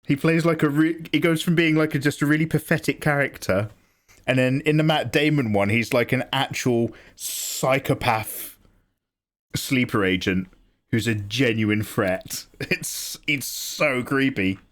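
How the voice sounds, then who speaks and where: A man's voice: medium pitch, measured pace, a bit bright. A young man hosting a live drawing stream, chatting casually and joking with viewers. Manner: chatty, jokey, laughs often. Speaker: livestream host. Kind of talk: casual chat while drawing.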